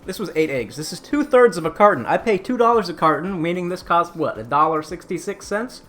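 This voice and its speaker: A man's voice: high voice, expressive, a little fast, a bit bright. A man hosting a casual cooking live stream, chatty and rambling as he answers chat.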